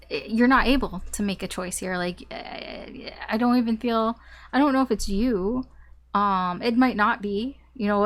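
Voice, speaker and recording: A young woman giving a casual tarot reading, talking in a rambling, chatty way with fillers and the odd swear word. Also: mid-range voice. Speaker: tarot reader.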